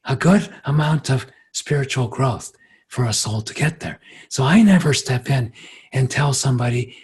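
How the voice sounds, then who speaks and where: A man as a spiritual teacher giving a reflective workshop talk, gentle and unhurried, often pausing and turning lively when he quotes others. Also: mid-range voice, breathy edge.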